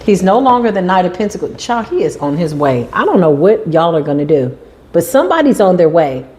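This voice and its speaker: A woman with a slightly low-pitched voice talks through a tarot spread. Her delivery is animated and emphatic, and she slips into quoted voices to act people out. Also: a little fast. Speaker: tarot reader. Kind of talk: tarot reading monologue.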